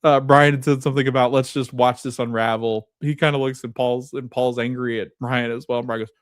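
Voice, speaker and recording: A man's voice: mid-range voice, steady tone, fairly quick, clean tone, no echo, studio quality. A man hosting a podcast, casually recapping a TV episode, with lots of fillers and frequent laughs as he retells scenes. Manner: chatty, many fillers, laughs often while retelling scenes. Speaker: podcast host.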